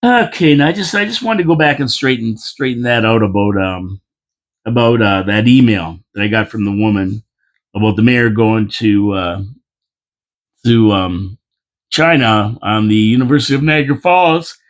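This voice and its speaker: A man's voice: lowish voice, normal speed. Rambling man talking local politics. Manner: rambling, repeats himself, folksy asides. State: tired, yawning. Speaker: local commentary host. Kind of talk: casual opinion monologue.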